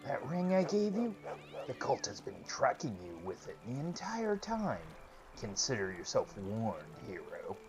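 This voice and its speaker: A man's voice: mid-range voice, huge pitch swings, unhurried. A man voicing a scornful male messenger delivering a warning in a let's-play game. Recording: lo-fi with game music behind.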